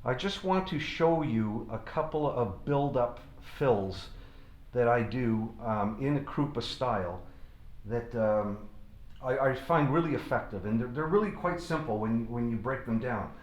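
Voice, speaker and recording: A man's voice: medium pitch, animated, unhurried, lo-fi sound. A man giving a drum lesson, explaining stickings step by step between bursts of playing. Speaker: drum teacher. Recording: echoey room with drums.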